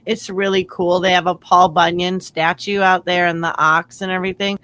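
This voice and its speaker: A woman's voice: lowish voice, level tone, moderate pace, fairly bright tone, no echo. A woman hosting a livestream who chats in an easygoing, rambling way. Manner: easygoing, chatty. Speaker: livestream host. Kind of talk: casual chat.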